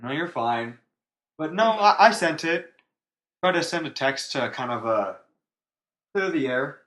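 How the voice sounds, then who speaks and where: A man's voice: fairly high pitch, animated, measured pace, fairly bright tone. A young man co-hosting a podcast, telling a story in casual, rambling chat and laughing at himself. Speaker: podcast co-host.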